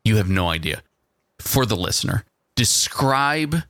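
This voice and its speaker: Deadpan male co-host, low but bright-toned, dry close mic. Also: a little slow, no room sound. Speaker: podcast co-host. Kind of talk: casual comedic chat. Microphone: studio mic with headphones and compressor.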